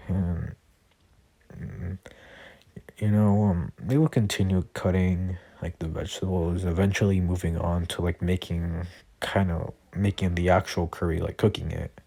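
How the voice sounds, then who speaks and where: This is a man improvising a fan story at home. He rambles, with many fillers and self-corrections. The voice is low, slow and gravelly, with a dark, husky tone. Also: level tone. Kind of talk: improvised fan-fiction narration.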